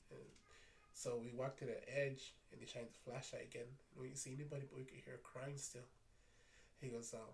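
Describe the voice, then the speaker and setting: A man on night security spins a story in casual, animated talk, forever saying "I said." His voice is gravelly and sits in the middle of the male range. It comes from a little way off the mic, with faint noise underneath. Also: mid-range voice, recorded from a distance. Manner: animated, repeats "I said" often.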